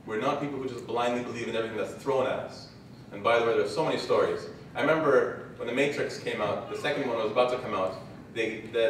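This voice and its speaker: A man giving a religious lecture at a conference, a lively storyteller who acts out his examples. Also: mid-range voice, slight background noise. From Canada. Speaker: conference speaker. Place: large conference hall. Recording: echoey hall, distant mic, faint ambience.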